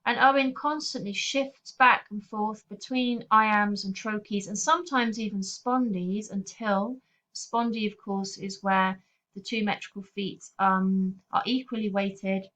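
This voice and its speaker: A woman teacher giving a recorded poetry lesson over slides, explaining in a clear, steady, patient way. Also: mid-range voice, measured pace. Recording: slightly dull lo-fi audio.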